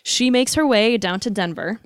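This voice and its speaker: A woman's voice: fairly high pitch, normal speed, clear, resonant tone, no room sound, studio quality. A woman hosting a podcast, telling a story in a casual, chatty way with frequent fillers. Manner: chatty, with frequent likes and ums. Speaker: podcast host.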